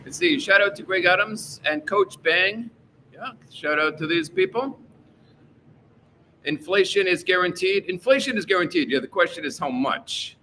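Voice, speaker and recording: A man rambles through a casual livestream in a bright, sharp voice that sits a little high. He reads out chat messages and answers them loosely, with plenty of fillers and restarts. Faint background noise runs under his talk. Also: lively intonation, moderate pace. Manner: rambling and opinionated, with frequent fillers. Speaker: livestream host reading chat.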